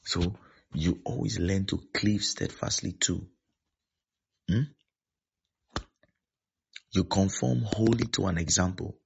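A male pastor preaches a sermon in a very low, gravelly and husky voice. He repeats his points and keeps asking whether his listeners are following. The recording sounds dull and lo-fi. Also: takes it slowly, pauses often, darkish tone.

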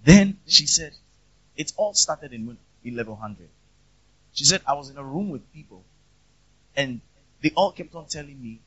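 A man's voice: fairly high pitch, expressive, moderate pace, pauses often, a bit bright, breathy edge, no room sound. A man preaching a conversational sermon, asking rhetorical questions and acting out the voices of people he quotes. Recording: dull, lo-fi recording.

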